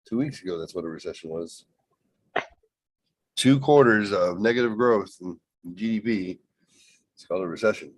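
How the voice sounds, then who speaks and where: A man's voice: on the low side, normal speed, pauses often, dry recording. A middle-aged man co-hosting a casual chat, joking and sarcastic with lots of swearing. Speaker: podcast co-host.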